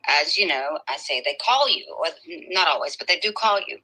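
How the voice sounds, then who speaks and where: A woman vlogger in a played clip, complaining in an upset, rapid way. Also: deep voice, expressive, pushed and bright, poor audio.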